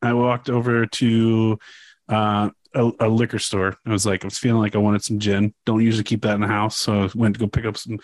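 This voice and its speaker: A man co-hosting a casual podcast, telling a rambling anecdote in an animated way and slipping into the voices of the people he met. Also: on the low side, fairly quick, dry recording. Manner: rambling, animated retelling with quoted voices and laughs. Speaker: podcast co-host. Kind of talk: casual storytelling chat.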